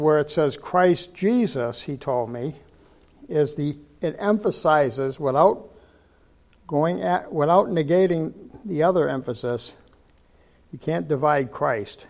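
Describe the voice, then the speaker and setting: A man's voice: fairly high pitch, a little mellow. Older man preaching a casual Bible talk. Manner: conversational, asks rhetorical questions, repeats words. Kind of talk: informal sermon.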